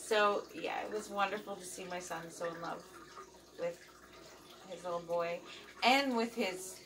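This vlog host, a middle-aged woman, rambles through a casual chat full of fillers. Her pitch is fairly low, her tone fairly bright, and the distant recording picks up running water.

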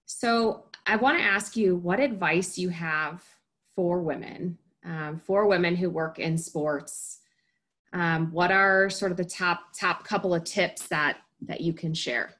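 Low-voiced woman hosting a podcast. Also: takes it slowly, a bit bright. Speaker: podcast host. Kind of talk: interviewing a guest.

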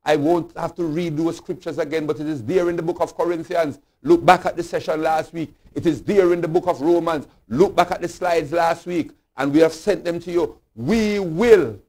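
A bishop from Jamaica teaching a Bible study in a sermon style, emphatic and deliberate, rising to loud declarations and dropping low again. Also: male voice, steady tone. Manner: slow, deliberate preaching cadence with repeated refrains.

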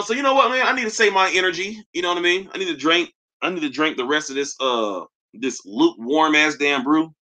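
A young man with a fairly high, bright and forceful voice streams live about sneakers. He reads the comments casually and roasts viewers with slang-filled jokes.

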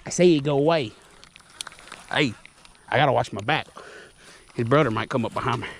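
A man's voice: medium pitch, a little fast, vocal fry, slight background noise. A man from Louisiana with a Louisiana accent, vlogging outdoors while fishing and joking in a goofy, self-mocking way. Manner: goofy, self-mocking, talks to snakes in a sing-song voice. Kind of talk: casual vlog talk to camera. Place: outdoors by the water.

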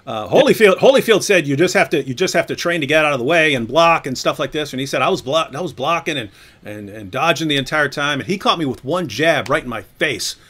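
A man hosts a casual live video chat, his voice sitting a little high. He tells stories animatedly and repeats words as he builds up steam. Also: quick pace. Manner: animated storyteller, repeats words when excited. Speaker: host.

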